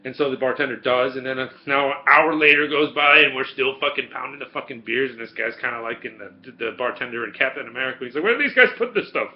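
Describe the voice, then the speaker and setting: A man's voice: medium pitch, flat delivery, fast talker, few pauses, dull audio, slight background noise. A man in his forties, casually telling a profane story and answering viewer questions as host, laughing often. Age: 40s. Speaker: video Q&A host.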